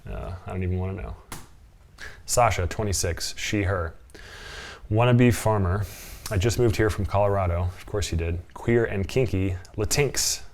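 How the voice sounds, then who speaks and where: A man's voice: sits low, moderate pace, darkish tone. A man reading dating profiles aloud and mocking them sarcastically with frequent chuckles, in a casual reaction vlog. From from Portland area.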